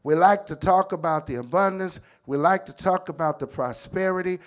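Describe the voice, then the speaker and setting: A man's voice: high-pitched, normal speed. A middle-aged man preaching a sermon as a bishop, emphatic, repeating his phrases and calling out "come on".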